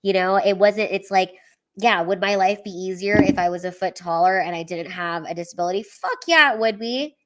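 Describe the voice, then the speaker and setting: A woman's voice: medium pitch, steady tone, a little fast. Woman in her thirties, comedian host, candid and teary, swears freely, livestream chat. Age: 30s.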